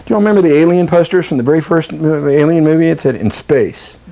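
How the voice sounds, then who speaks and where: A middle-aged man lectures a workshop group in a lively, joking way, slipping into the quoted voices of frightened children and upset spouses. His voice sits a little high for a man. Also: fast, vocal fry. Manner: animated, acts out quoted voices, jokey asides. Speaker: breathwork workshop presenter.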